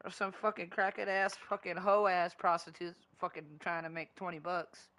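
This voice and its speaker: A man talks to his stream while he plays, rambling from one gripe to the next and swearing in nearly every sentence. His voice is bright and forward. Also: high voice, fairly even intonation, moderate pace. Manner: profane, loose and rambling. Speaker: gaming streamer. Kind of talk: casual chat while gaming.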